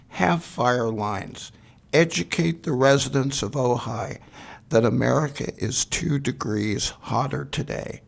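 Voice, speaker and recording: An older man speaks slowly from a council chamber podium, his voice gravelly with fry. He talks in an earnest, halting way, giving a warning in his public comment. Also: medium pitch.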